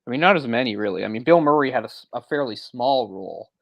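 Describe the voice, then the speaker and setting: A man's voice: mid-range voice, animated, fast talker, creaky, no room sound, low-quality recording. A man co-hosting a movie discussion podcast, talking in a rambling, self-correcting way with frequent chuckles. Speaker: podcast co-host.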